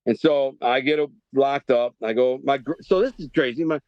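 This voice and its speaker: A middle-aged man from Detroit tells a long story as a podcast guest, jumping back and forth and restarting his sentences. His voice sits at a medium pitch. The recording is dry and a little dull. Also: moderate pace, dry recording. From Detroit, Michigan. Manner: animated, rambling storyteller with frequent restarts. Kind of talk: storytelling interview.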